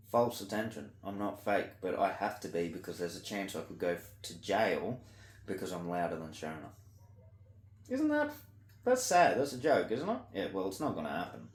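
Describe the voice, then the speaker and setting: A man with an Australian accent in a blunt, sweary rant to camera, swinging between loud outbursts and low mutters. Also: sing-song, a little slow, long pauses, reverberant, a little hiss or hum. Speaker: vlogger. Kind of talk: ranting monologue to camera.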